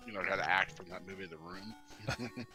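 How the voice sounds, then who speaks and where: A man's voice: deep voice, steady tone, normal speed, sharp tone, breathy edge, no echo, faint music behind. A young man bantering and teasing his friend during a casual livestream, cracking jokes. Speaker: co-host friend.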